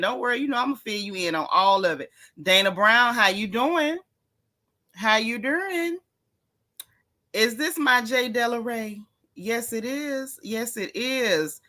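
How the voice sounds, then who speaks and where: A woman's voice: on the high side, sharp tone. A woman hosting a casual gossip livestream, greeting viewers in a folksy, chatty way. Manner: chatty, folksy Southern slang, calls everyone sis and baby.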